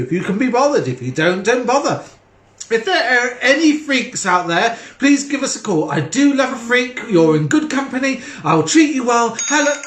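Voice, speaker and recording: A man hosting a crude late-night call-in show from home, deadpan and mocking. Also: very high-pitched. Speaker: host. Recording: echoey room.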